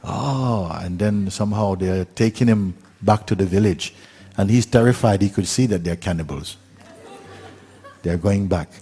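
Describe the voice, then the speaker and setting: A man giving a spiritual talk, telling a parable in an unhurried, gentle way with pauses and fillers. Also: low-pitched, husky. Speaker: spiritual teacher.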